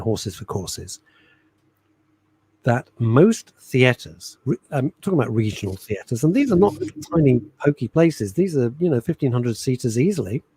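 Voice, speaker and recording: Husky, lively middle-aged radio host. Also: male voice, mid-range voice, rough recording. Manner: animated storyteller, sings jingles and little musical stings. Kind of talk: casual radio chat. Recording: radio studio.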